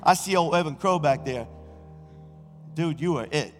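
A middle-aged senior pastor, preaching an exuberant sermon and shouting praise in a church sanctuary. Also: male voice, a little high, normal speed, soft background music. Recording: reverberant church hall.

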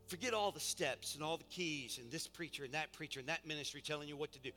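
A man preaching a sermon, exhorting with repetition and swinging from hushed, quiet passages to loud emphatic ones. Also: a little high, quick pace, few pauses. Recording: reverberant hall with faint music.

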